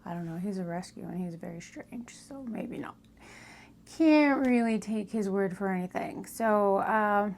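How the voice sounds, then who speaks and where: A woman telling a personal story in a casual storytelling style, often dropping to a hushed whisper for suspense. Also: mid-range voice, measured pace, a little hiss or hum. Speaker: storytime vlogger.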